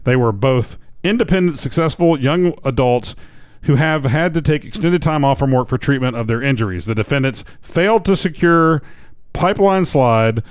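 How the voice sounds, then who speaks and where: Middle-aged male co-host, medium pitch, wry news reader. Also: animated, moderate pace, clean tone, no room sound. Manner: sarcastic, wry asides while reading stories. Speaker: radio co-host. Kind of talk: talk-show news reading and banter.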